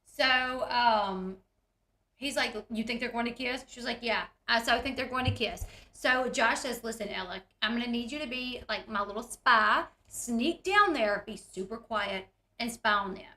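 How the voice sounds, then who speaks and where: A woman's voice: a little high, normal speed, bright, forceful tone, reverberant. A woman, retelling reality TV scenes in a chatty, giggly way and acting out the quotes. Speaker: recap host. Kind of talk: casual reality TV recap.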